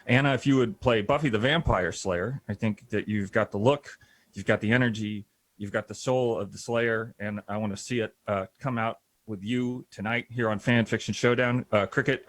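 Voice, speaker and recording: A man's voice: fairly low pitch, steady tone, normal speed. A man presenting his comedy script with mock-earnest, rambling banter full of hesitations.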